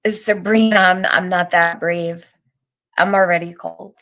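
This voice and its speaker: A woman's voice: lowish voice, steady tone, measured pace, fairly bright tone. A woman hosting a live stream, chatting casually with viewers and reading out their comments, laughing often.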